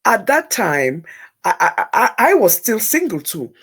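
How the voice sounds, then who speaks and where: A woman's voice: mid-range voice, sing-song, a little slow, fairly bright tone, slightly rough. A woman telling a personal story on a talk show, emphatic and repeating words for effect.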